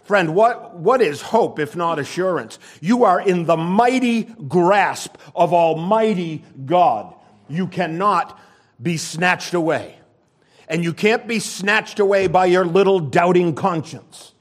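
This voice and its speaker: An older man preaching a sermon, earnest and emphatic, rising to urgent exhortation and dropping to quiet asides. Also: high-pitched, slow pace. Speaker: pastor.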